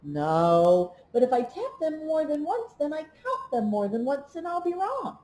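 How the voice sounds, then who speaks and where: A preschool teacher, a woman, talks slowly and clearly in a fairly high voice that rises and falls a great deal. She leads little ones through counting and sing-song number rhymes with steady, patient encouragement. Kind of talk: remote read-along lesson for young children.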